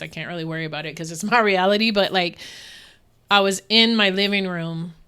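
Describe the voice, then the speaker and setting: A woman from Dallas, a guest on a faith interview podcast, telling personal stories earnestly, with frequent laughs and restarts. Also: lowish voice. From Dallas, Texas. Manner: animated, earnest, laughs often, many restarts. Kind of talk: candid interview storytelling.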